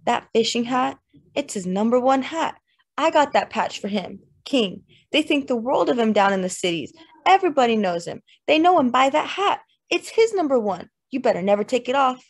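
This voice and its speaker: A woman voicing a restless young mother who talks in a quick, insistent, edgy way in an audiobook. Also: on the high side, very animated, pitched above the performer's own voice.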